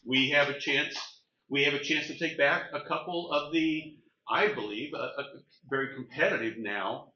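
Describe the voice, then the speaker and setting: A man's voice: mid-range voice, normal speed, pushed and bright. An older man speaking earnestly as a panelist at a community event, rallying the room. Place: meeting room. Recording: roomy, dull event recording.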